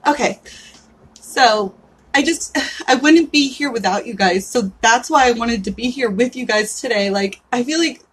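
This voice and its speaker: A woman's voice: on the high side, moderate pace, breathy edge. A woman in her thirties hosting a casual livestream, chatty and candid, often saying "like" and swearing in passing. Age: 30s. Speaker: livestream host.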